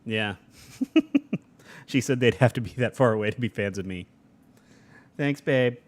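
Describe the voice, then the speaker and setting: A man's voice: mid-range voice, measured pace. A young adult man streaming a game live, chatting casually, reading chat aloud and laughing often.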